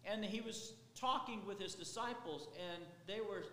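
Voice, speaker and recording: A man's voice: high-pitched, moderate pace, fairly bright tone, a little hiss or hum. A man, a pastor, preaching a sermon in a conversational, rambling way. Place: church sanctuary. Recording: echoey hall with faint ambience.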